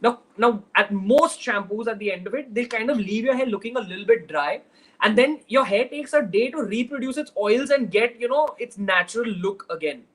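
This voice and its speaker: A man's voice: sits high, lively intonation, normal speed, a bit bright, poor audio. A young man from Mumbai with a Mumbai Indian English accent, hosting a casual livestream Q&A in a chatty, direct way and slipping into Hindi phrases. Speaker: host.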